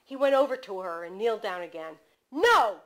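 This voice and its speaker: A woman author reading aloud from her novel in a bookstore, measured and expressive. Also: mid-range voice.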